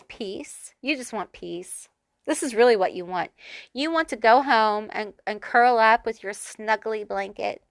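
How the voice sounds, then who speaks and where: A chatty middle-aged woman gives a casual tarot reading to her viewers, bubbly and full of fillers. Her voice is bright and crisp, a little high for a woman. The sound is dry and close. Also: dry recording. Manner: chatty, bubbly, with lots of fillers like "like" and "you know". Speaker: tarot reader. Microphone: corded mic.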